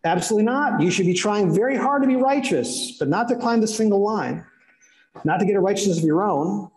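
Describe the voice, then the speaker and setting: A middle-aged pastor preaches a sermon in a high, somewhat dark voice, speaking a little fast and with lots of animation. He's earnest, asking rhetorical questions and repeating phrases for emphasis, and the hall around him adds a roomy echo.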